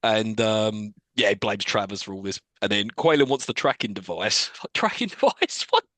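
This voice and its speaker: Male co-host, casual film chat, very lively intonation, laughs a lot, dry close recording. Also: fairly low pitch, normal speed, dry recording. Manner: laughs often, animated swearing. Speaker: podcast co-host.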